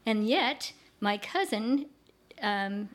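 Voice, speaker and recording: A woman's voice: medium pitch, animated, drawn-out words. An older woman chatting as a guest in an interview, enthusiastic and rambling, with frequent restarts. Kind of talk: casual conversational interview.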